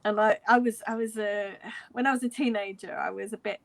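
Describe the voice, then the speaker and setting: A woman's voice: mid-range voice, brisk, creaky. An English woman in her forties, a fan, telling a story in a casual way on a video call, quoting dialogue and laughing often. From London, England. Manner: animated retelling with quoted dialogue and frequent laughter. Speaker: fan guest sharing a story.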